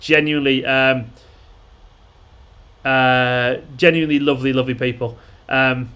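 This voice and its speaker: A man's voice: medium pitch, steady tone, a little slow, pushed and bright, clean tone. A man hosting a fan live stream, chatting casually and bluntly, swearing and rambling with lots of fillers. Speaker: fan channel host.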